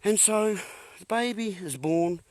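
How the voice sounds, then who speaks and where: A man's voice: high-pitched, unhurried, a little mellow, no room sound. A man giving a rambling monologue to viewers, punning as he goes, chuckling at his own jokes and calling his listeners folks. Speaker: host.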